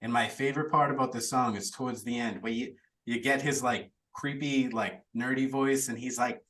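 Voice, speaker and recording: A man's voice: medium pitch, moderate pace, a bit bright, far from the mic, rough recording. A man hosting a podcast, chatty and laughing now and then as he recaps a plot. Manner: chatty, laughs while telling the story. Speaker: podcast host recapping a film.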